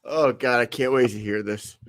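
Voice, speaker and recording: A man's voice: medium pitch, steady tone, moderate pace, dry recording, studio quality. A man co-hosting a podcast in casual chat, exclaiming, swearing and laughing at the guest's story. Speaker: podcast co-host.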